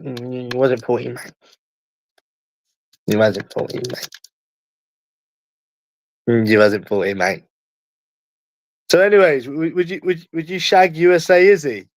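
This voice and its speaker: A man's voice: medium pitch, dry recording. A man with a London accent in casual chat, teasing and slangy, repeating himself often. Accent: London English.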